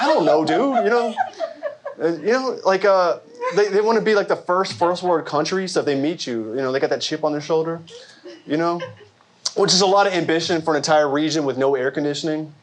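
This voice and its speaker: A man from Arkansas doing an animated stand-up set, working the crowd and putting on quoted voices. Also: high voice. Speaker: stand-up comedian. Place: comedy club stage before a laughing crowd. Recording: loud audience noise behind.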